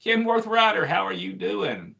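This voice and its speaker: A man's voice: high voice, lively intonation, moderate pace, creaky, pushed and bright. A man, a trucker co-hosting a casual livestream chat, joking and stumbling over his words. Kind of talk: casual live-stream chat.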